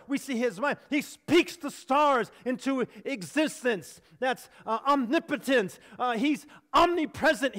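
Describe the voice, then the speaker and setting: A man preaching a sermon as pastor, animated and humorous, acting out voices in his storytelling. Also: very high-pitched, long reverb tail. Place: church sanctuary.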